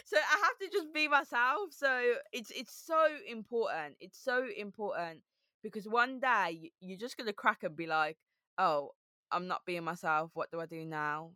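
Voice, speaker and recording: A woman from Birmingham with a softened Brummie accent and a slight lisp, a guest speaking in an upbeat, emphatic way and repeating her key points. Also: on the high side, no echo, clean studio sound. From Birmingham, England. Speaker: podcast guest. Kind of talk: casual interview chat.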